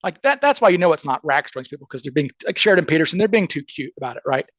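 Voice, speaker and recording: A man, a criminal defense attorney, telling a story casually as a podcast guest, animated and restarting often. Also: a little high, rapid-fire, no echo, dull audio. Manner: animated, acts out quoted voices, frequent restarts.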